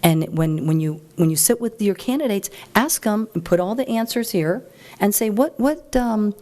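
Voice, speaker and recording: A middle-aged woman speaking at a meeting, telling a story in a chatty, frank way and jumping up high when she quotes people. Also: moderate pace. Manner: chatty and animated, acts out quoted voices higher; frank and plain-spoken. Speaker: speaker at a political group meeting. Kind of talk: informal talk to an audience, storytelling.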